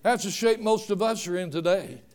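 An older man preaching a sermon, telling homespun stories and rising from quiet asides to shouted emphasis. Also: high voice, moderate pace. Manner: storytelling, swings from soft asides to shouted emphasis.

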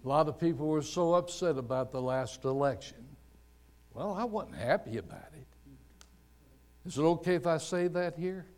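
Expressive and fairly high in pitch, this pastor's voice also carries a darkish tone. Preaching his sermon, he weaves in stories and slows down, stretching words for emphasis.

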